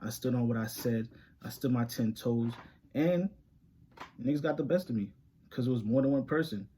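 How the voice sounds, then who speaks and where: A young man, telling a story to camera in animated, slangy street talk and laughing often. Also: mid-range voice, normal speed, pauses often, slight background noise. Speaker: reaction channel host.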